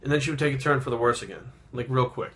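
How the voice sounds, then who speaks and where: With a medium-pitched, fairly bright voice, this thirtysomething fitness vlogger recounts something personal. The telling is halting and rambling, quiet and reflective, and he swears frequently.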